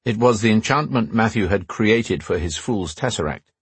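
Breathy man narrating an audiobook. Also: lowish voice, expressive, moderate pace, no echo. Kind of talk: scripted narration.

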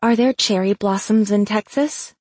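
A man's voice: sits high, normal speed, darkish tone, dry recording, voice pushed up. A male audiobook narrator voicing a cheerful young superpowered woman in a light, friendly way.

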